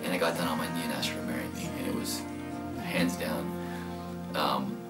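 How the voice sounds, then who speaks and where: A man in his thirties earnestly telling how he proposed, getting animated as he relives his nerves. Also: rumbling low, a little fast. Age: 30s. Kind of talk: heartfelt interview recollection. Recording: echoey room, distant mic, soft music behind.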